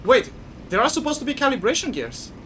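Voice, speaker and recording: Lively, bright-voiced game streamer. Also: high voice, brisk, a little hiss or hum. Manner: animated, reacts aloud while playing. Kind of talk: casual game commentary. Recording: faint game music behind.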